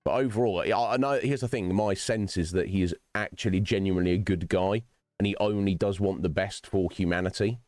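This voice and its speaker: Rambling low-voiced male streamer. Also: a little fast, darkish tone, no room sound, faint music behind. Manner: rambling, philosophical, swears freely; chats directly to viewers by name. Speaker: streamer host. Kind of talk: casual livestream chat while gaming.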